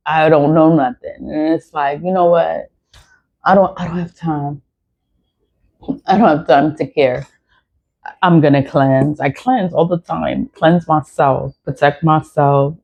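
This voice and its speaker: A woman with a slightly low voice rambles through a casual vlog, blunt and repetitive, with swearing dropped in freely. The recording is dull and lo-fi, with the top end muffled. She talks as a tarot reader speaking straight to her viewers.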